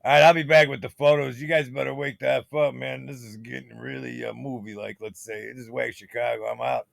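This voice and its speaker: A man's voice: mid-range voice, level tone, fairly quick, creaky, no room sound, studio quality. A man hosting his own channel, rambling in casual, profane, conspiratorial commentary while showing things on his computer screen. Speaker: channel host.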